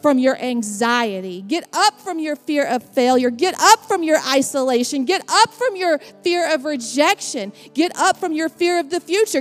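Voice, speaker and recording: A woman's voice: sits high, expressive, normal speed, few pauses, long reverb tail, soft background music. A middle-aged woman preaching a sermon, calling out to her congregation with rising passion. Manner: impassioned, calls out to the congregation. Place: church sanctuary.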